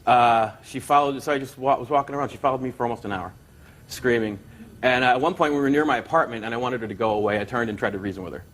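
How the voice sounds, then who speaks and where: A man's voice: mid-range voice, rapid-fire, fairly bright tone. Rambling man telling his story in court. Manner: rambling storyteller, quoting with gusto. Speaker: plaintiff. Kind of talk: courtroom testimony.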